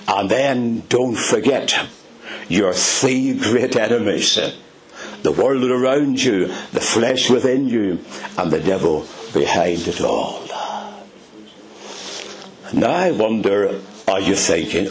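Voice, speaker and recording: An older man preaching a sermon, telling stories and stressing words with big rises and low drops. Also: slow, poor audio.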